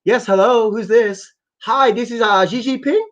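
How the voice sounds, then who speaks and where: Guy putting on a high sing-song fake politician voice, all polite and halting, prank-call style. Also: a bit bright, muffled recording. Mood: mocking. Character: mocking impression of a male foreign leader making a fake recruiting call.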